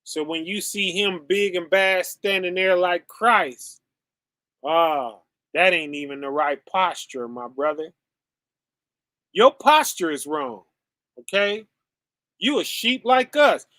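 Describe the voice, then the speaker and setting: A man's voice: high voice, lively intonation, takes it slowly, long pauses, bright, forceful tone, no room sound, studio quality. A man hosting a show, giving preachy commentary full of rhetorical questions and "okay?" tags. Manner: emphatic, peppers lines with "okay?" and "right?". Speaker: podcast host.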